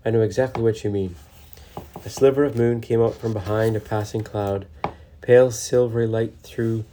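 Mellow, low-voiced male storyteller. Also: a little hiss or hum. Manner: gentle, reflective, steady. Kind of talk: storybook narration.

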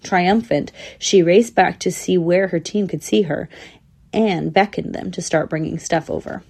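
A woman's voice: lowish voice, unhurried, gravelly, breathy edge. A woman narrating a storybook, giving each character its own voice. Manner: lively, voicing each squirrel.

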